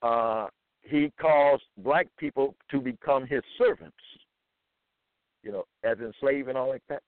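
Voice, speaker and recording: A man giving a deliberate scripture lecture and quoting verses with stress. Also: mid-range voice, no room sound. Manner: slow, deliberate, quotes verses with emphasis. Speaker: religious teacher. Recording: tinny phone-like sound.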